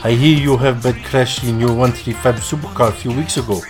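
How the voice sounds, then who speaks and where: A man voicing a boastful, scolding immigrant cab driver with a put-on Russian accent, speaking broken English in a loud salesman style. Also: medium pitch, fairly even intonation, brisk, over music, natural voice. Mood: lecturing. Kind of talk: comedy ad skit.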